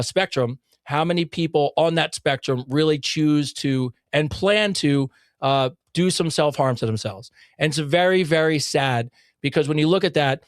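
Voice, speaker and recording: A man co-hosting a casual podcast, talking in an excitable, rambling way with plenty of swearing and laughter. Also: on the high side, no echo, clean studio sound. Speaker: podcast co-host.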